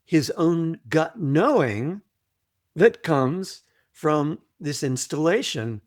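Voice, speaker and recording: A man guesting on an interview podcast, explaining things deliberately, repeating his points and often clearing his throat. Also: on the high side, expressive, no room sound, studio quality. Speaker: guest, trauma author. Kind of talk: conversational interview, teaching.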